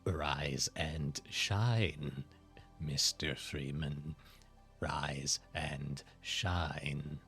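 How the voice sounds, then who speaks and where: A man doing an impression of a slow, sinister male government agent from a video game, with a drawn-out, oddly paced delivery. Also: very deep voice, steady tone, gravelly, a bit bright, soft background music, voice pushed down, full character voice. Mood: ominous.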